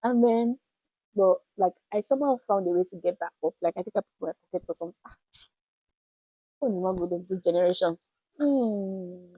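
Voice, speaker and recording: A young woman tells a personal story straight to her viewers. She talks in an animated, expressive way, with dramatic pauses, and her voice sits at a middle pitch. The sound is close and dry, with no room echo. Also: slightly rough. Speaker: vlogger. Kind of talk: casual storytelling to camera.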